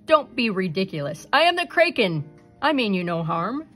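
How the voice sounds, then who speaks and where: A woman's voice: medium pitch, big pitch swings, moderate pace, fairly bright tone, soft background music. A woman voicing a kind female sea creature who bellows her words. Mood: bellowing.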